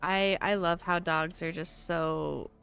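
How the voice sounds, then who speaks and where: A woman's voice: fairly low pitch, fairly even intonation, slow, vocal fry, fairly bright tone, smooth, soft background music. A woman streaming a game live, chatting casually with her viewers and often giggling. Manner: chatty, giggly, answers chat.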